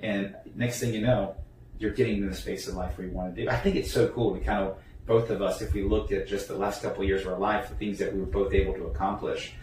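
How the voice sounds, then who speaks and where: A young man talks casually as an interview guest, rambling with many fillers and restarts. His voice is low-pitched and darkish, fast, with fairly even intonation, recorded from a distance in an echoey room with faint background noise.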